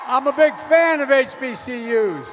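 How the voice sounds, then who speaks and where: Older man shouting a rally speech over a crowd. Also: extremely high pitch, sing-song, moderate pace. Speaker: politician. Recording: loud crowd and noise.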